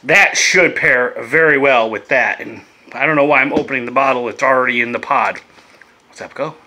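Bright-voiced laid-back man vlogging. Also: mid-range voice, moderate pace, slight background noise. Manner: laid-back, chatty, swears casually. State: coughing now and then. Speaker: vape reviewer. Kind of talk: casual product review vlog.

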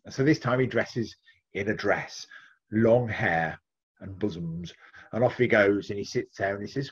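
Male author-storyteller, husky voice, lively telling, dull audio. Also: on the low side, a little slow. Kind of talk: folk tale storytelling and interview answers.

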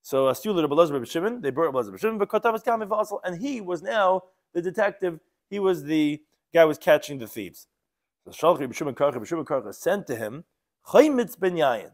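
Rabbi teaching a Talmud class, a man a slightly high voice and a relaxed delivery, reading each phrase before explaining it. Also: a little fast. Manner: reads Aramaic phrases, then explains in casual English with asides. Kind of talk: Talmud lesson, translating Aramaic line by line.

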